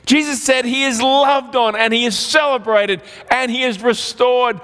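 A male pastor preaching a sermon, telling a parable in an animated way and acting out the characters' lines. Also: very high voice, a little slow, clean tone. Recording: long hall reverb.

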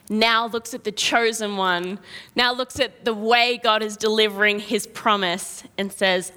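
A woman preaching a sermon, telling a Bible story in a lively way and acting out the quotes. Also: medium pitch, measured pace. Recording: long reverb of a large hall.

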